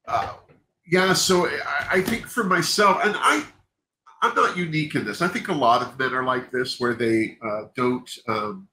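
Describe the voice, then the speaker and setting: A man's voice: medium pitch, pushed and bright. A man hosting a livestream, chatting candidly and openly emotional, often stopping and restarting his sentences. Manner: rambling, self-interrupting, openly emotional. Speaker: livestream host. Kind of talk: casual candid chat. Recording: echoey room, faint background noise.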